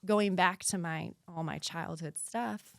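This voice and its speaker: A woman in her thirties from the United States, a podcast guest telling a painful personal story in an earnest voice that sometimes drops to a hushed whisper. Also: on the low side, a little slow, creaky, dry recording, studio quality.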